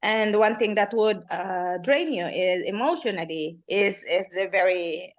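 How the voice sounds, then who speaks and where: A woman taking part in a webinar, speaking hesitantly with many pauses and fillers as she searches for words. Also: medium pitch. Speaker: webinar participant. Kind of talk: question in a webinar.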